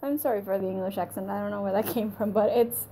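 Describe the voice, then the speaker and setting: A woman's voice: mid-range voice, fairly even intonation, quick pace, dark tone, slight background noise. A woman giving a casual spoken review of a TV episode, chatty and frank, often breaking into laughs.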